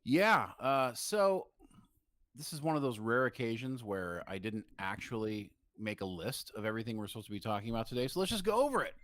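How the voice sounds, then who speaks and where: A man co-hosting a live podcast in casual chat, tired, with a rough morning voice and a quiet desk mic. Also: medium pitch, fairly quick, no echo. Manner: tired, self-deprecating, animated. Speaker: podcast co-host. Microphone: desk microphone, quiet in the mix.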